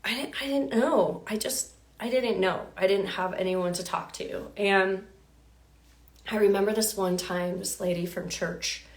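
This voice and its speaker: A woman in her thirties, a health coach, telling her own story to viewers in a lively, chatty way, full of fillers and acted-out quotes. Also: medium pitch, a little slow. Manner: animated, acts out quoted voices, many fillers.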